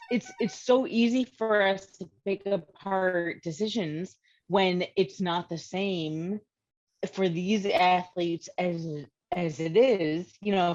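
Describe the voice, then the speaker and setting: A woman's voice: medium pitch, a little mellow, highs cut off. A woman co-hosting a casual sports panel discussion, explaining her point earnestly with many fillers. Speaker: co-host.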